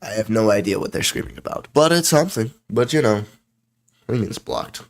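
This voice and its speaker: A young man streaming late at night, rambling and joking with himself in a tired, low voice that keeps getting sidetracked. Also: fairly even intonation, quick pace. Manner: rambling, self-mocking, easily sidetracked. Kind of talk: casual solo stream chat.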